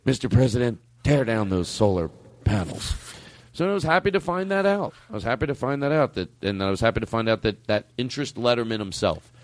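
Profane, animated man telling stories. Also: mid-range voice, quick pace, hardly any pauses, no echo. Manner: profane, animated storyteller who acts out quotes. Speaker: comedian podcast guest. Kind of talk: casual podcast chat.

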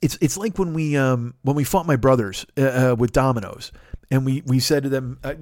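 A man's voice: medium pitch, moderate pace, a little mellow, dry recording, studio quality. A man hosting a podcast, talking in a rambling, profane, self-mocking comic monologue. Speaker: podcast host.

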